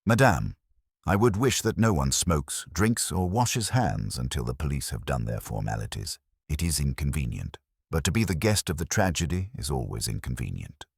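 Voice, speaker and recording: A man voicing a fastidious, formal foreign detective who speaks in courteous, measured phrases. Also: very deep voice, expressive, gravelly, breathy edge, dry recording, clean studio sound, heavily acted.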